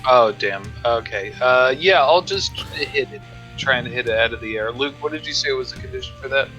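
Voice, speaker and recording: A man's voice: mid-range voice, pushed and bright, highs cut off, soft background music. A man playing a tabletop game, eager and joking, swearing casually. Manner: eager, quick to joke and swear. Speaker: player.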